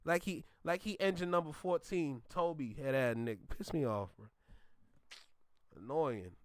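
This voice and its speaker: A man's voice: on the high side, moderate pace, dry recording, studio quality. A man hosting a reaction channel, ranting casually in an emphatic, slangy way and repeating himself.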